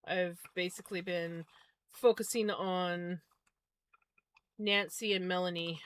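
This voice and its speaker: A woman's voice: lowish voice, fairly even intonation, takes it slowly, long pauses. A woman livestreamer chatting casually and musing aloud while spinning yarn, often correcting herself.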